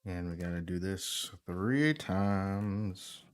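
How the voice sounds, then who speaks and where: A man hosting a casual livestream, thinking aloud and humming to himself as he works on a model kit. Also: sits low. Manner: unhurried, thinks aloud, hums to himself while working. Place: indoor home room.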